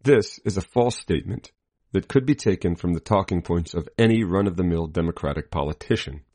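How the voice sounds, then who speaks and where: Deep-voiced man reading political commentary. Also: dark tone, no room sound, clean studio sound. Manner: measured, deliberate delivery; spells out quotation marks. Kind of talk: scripted commentary read.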